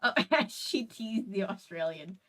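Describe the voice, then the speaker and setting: A woman's voice: mid-range voice, lively intonation, unhurried, fairly bright tone, low-quality recording. Woman reading fan fiction aloud, playful. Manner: playful, laughing, stumbles and adds asides while reading. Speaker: host.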